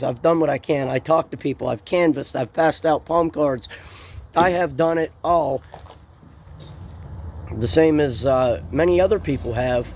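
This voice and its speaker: Recounting his rally day in a loose monologue to camera, this Ohio political vlogger wanders and keeps repeating and restarting his words. His voice is a little high and a little mellow, with some slight hiss or hum in the recording.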